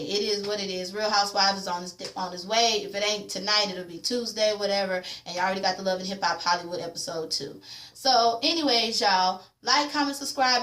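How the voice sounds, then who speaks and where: A woman's voice: mid-range voice, a bit bright. A woman vlogger recapping a TV episode in casual, blunt and opinionated chat with slang. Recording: echoey room.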